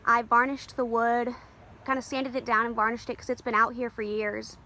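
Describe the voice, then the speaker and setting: A garden vlogger walks viewers through her home garden outdoors, her somewhat high voice pushed and bright with fairly even intonation. She's easygoing and rambling, dropping fillers and small apologies as she films on a handheld camera. Slight background noise, faint open-air sound and passing planes come through.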